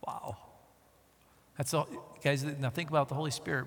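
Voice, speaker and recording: Preacher with a higher voice in a reverberant hall. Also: male voice, moderate pace. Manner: emphatic, asks the listeners rhetorical questions; volume swings from loud to hushed. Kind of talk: sermon.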